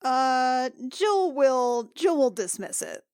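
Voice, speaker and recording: A woman's voice: high-pitched, animated, slow pace, smooth, no echo, clean studio sound. A woman playing in a tabletop game, blunt and impatient, swearing as she questions a captive. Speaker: player. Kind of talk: casual tabletop play.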